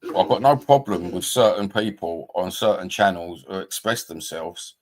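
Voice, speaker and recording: This livestream host, a man in his 50s, has a low, animated voice at normal speed. He chats casually and reads out viewer comments, rambling bluntly, swearing freely and calling people mate and bruv.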